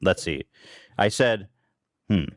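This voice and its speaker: A man hosting a podcast, calmly teasing and rebutting his co-host. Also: lowish voice, slow, dry recording, clean studio sound. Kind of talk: casual podcast chat.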